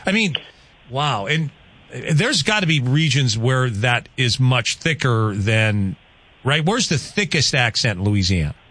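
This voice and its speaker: A man's voice: medium pitch, very animated, unhurried, fairly bright tone, no room sound. A man hosting a morning radio show, talking in a rambling, chatty way and laughing easily. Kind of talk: casual radio chat. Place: radio studio.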